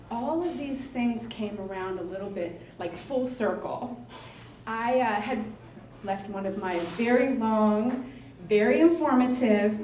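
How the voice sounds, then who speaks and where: A woman telling a personal story on stage at a small restaurant venue, poking fun at herself and laughing often as she goes. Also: fairly high pitch. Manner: self-deprecating, laughs often while telling. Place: beach shack restaurant venue, indoors. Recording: roomy live venue.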